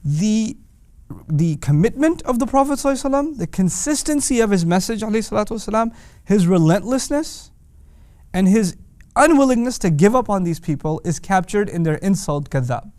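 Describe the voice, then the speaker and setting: A man teaching a lecture on the language of the Quran, animated and emphatic, often asking rhetorical questions. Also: high-pitched, fairly quick, no room sound.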